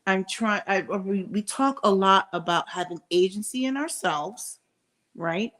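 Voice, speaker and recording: A woman's voice: medium pitch, measured pace, a bit bright. A middle-aged woman giving candid, opinionated commentary in a casual vlog, thinking aloud with frequent restarts and asides. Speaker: commentary vlogger.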